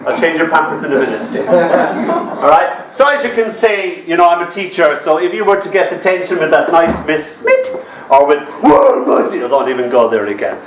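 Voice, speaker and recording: In a bar, a man in his fifties with an Irish accent tells comic stories live, teasing his audience in a wry, chatty way. His voice is on the high side with big pitch swings at a moderate pace, picked up by a distant mic with roomy sound and background noise.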